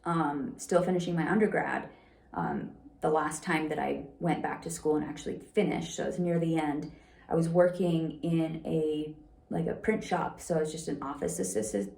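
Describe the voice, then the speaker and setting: A young woman with a low, gravelly voice speaks in a loose, unscripted monologue. She rambles and restarts often, leaning heavily on "like" as she goes. The recording carries a roomy echo. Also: a little mellow. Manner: rambling, heavy use of "like", halting restarts. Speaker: vlogger sharing personal experience.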